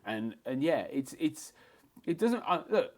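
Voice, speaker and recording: A man with a slightly raised pitch chats on a podcast. He is blunt and honest and swears without a second thought. He tells his stories with lively energy. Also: unhurried. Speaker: guest fight photographer. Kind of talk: casual podcast chat. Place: martial arts gym.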